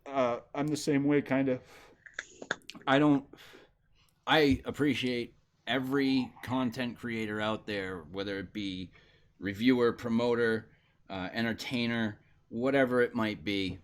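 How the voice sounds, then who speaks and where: A man hosting a casual podcast chat, easygoing and agreeable, with an unhurried, hesitant way of talking. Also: mid-range voice, fairly even intonation.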